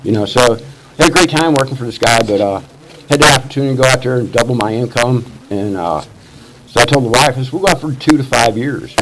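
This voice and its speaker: A man's voice: medium pitch, fast, rough recording. A man in his sixties from Missouri, telling his life story at a recovery meeting in a rambling, profane way, full of "you know" fillers. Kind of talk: casual storytelling testimony. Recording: loud background noise.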